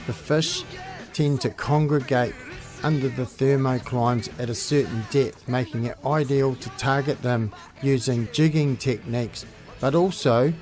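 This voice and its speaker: A man, hosting a fishing show and giving a steady, informative scripted voice-over. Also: medium pitch.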